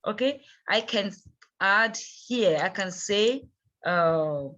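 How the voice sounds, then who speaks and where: Slow, patient woman teaching grammar. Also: mid-range voice, animated, a bit bright. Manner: slow, repeats words, checks with "okay?". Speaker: English teacher. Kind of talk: bilingual grammar lesson. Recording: dull lo-fi recording.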